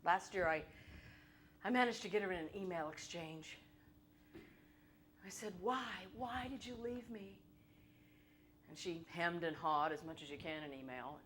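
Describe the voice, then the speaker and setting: Here the same kind of solo show plays out, but her voice sits low and a bit bright, with slight background noise. This middle-aged performer tells her life story onstage with irreverent wit and crude remarks, briefly imitating how she used to sound.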